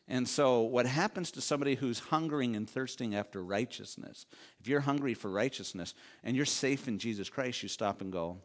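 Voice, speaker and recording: A man's voice: mid-range voice, fairly quick. A middle-aged male pastor preaching a conversational sermon, asking the congregation rhetorical questions and adding asides.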